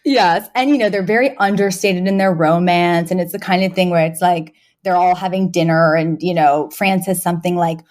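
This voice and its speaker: Animated woman chatting with laughs. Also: lowish voice, moderate pace, few pauses. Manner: animated, laughs often, acts out quoted lines. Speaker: podcast co-host. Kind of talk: casual chat.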